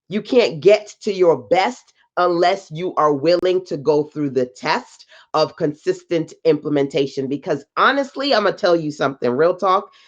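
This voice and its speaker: A woman business coach on a live stream, talking slowly and emphatically in a preachy motivational style with slang asides and greetings to viewers. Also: deep voice, muffled recording. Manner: deliberately slow delivery.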